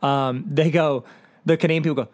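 A man co-hosting a relaxed podcast. His voice sits a little high for a man. He rambles, cracks jokes and cuts himself off mid-sentence. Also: a little fast. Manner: rambling, joking, self-interrupting. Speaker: podcast co-host. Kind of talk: casual podcast chat.

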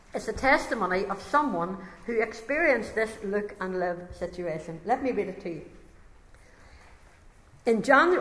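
Woman preaching in an echoing hall. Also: medium pitch. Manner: conversational asides between passages read aloud. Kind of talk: sermon with read-aloud testimony. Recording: echoey hall reverb.

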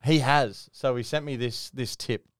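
A man's voice: medium pitch, steady tone, a little slow, dry recording, studio quality. A middle-aged Australian man co-hosting a podcast in casual chat, laughing and swearing as he tells stories and acts out the people in them. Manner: laughing storyteller, swearing, acting out people he quotes. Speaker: podcast co-host.

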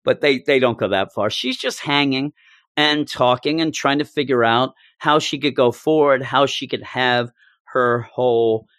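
A man chatting casually about comics as a co-host, animated and quick to act out characters' lines. His voice sits at a middle pitch. The sound is dry and close. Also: no room sound. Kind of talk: casual chat.

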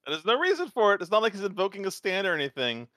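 A man co-hosting a casual chat, excited and laughing as he jumps in with quick remarks. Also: sits high, no room sound, studio quality. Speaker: podcast co-host reacting to an anime episode.

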